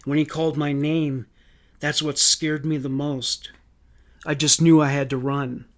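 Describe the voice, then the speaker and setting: A distraught mother under police questioning pleads in short, broken sentences, as a man reads her words. The voice sits slightly high, and the lines are read rather than fully performed. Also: flat delivery, unhurried, a bit bright. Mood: pleading.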